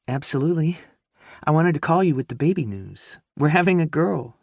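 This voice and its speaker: A man voicing a gentle young pregnant woman with a soft Outer Banks drawl. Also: fairly high pitch, animated, a little fast, gravelly, slightly rough, no room sound, clean studio sound, voice pushed up, full character voice. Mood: happy. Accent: Outer Banks North Carolina drawl.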